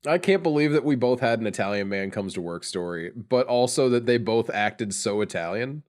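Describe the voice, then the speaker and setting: Podcast co-host, man with a mid-pitched voice that swings widely, playful banter. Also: moderate pace. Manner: animated, teasing, jumps into impressions. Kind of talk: casual chat.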